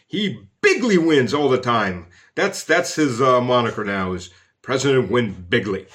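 Sardonic male commentator, mid-pitched, mocking, filler-heavy delivery. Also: expressive, unhurried, a bit bright. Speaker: political commentator. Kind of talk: sarcastic commentary.

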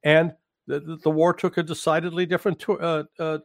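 A man giving political commentary in conversation, emphatic and halting, with restarts and fillers. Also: fairly high pitch, flat delivery, creaky, dry recording, clean studio sound. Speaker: guest commentator.

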